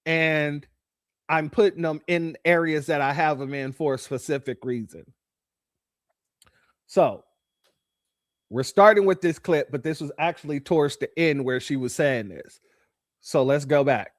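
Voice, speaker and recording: Male online preacher-commentator, high-pitched, dry close mic, preachy and sarcastic. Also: no echo. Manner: preachy, sarcastic, addresses listeners as family. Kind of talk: sermon-style livestream commentary.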